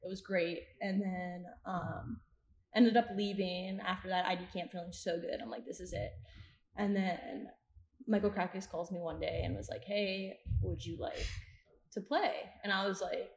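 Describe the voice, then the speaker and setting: A woman's voice: fairly low pitch, steady tone, moderate pace. A woman in her twenties, a soccer coach, telling stories in a casual interview with quoted asides and frequent laughs. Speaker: podcast guest, soccer coach. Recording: roomy echo.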